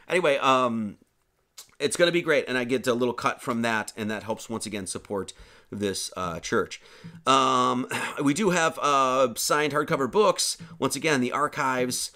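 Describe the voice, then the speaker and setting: A man's voice: mid-range voice, a little slow, bright, forceful tone. A man, the pastor and host, rambling through casual closing announcements of an online sermon, joking around with lots of fillers and restarts.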